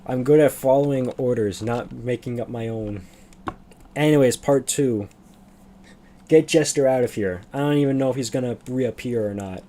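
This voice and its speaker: A man's voice: medium pitch, moderate pace, dark tone, a little hiss or hum. A man streaming live, rambling casually and chuckling as he comments on a game. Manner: rambling, chuckling, self-deprecating.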